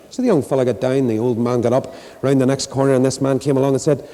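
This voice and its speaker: Northern Irish man, older preacher, folksy storyteller, very mellow voice, long hall echo. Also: medium pitch, fairly even intonation, fast, few pauses. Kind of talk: storytelling sermon.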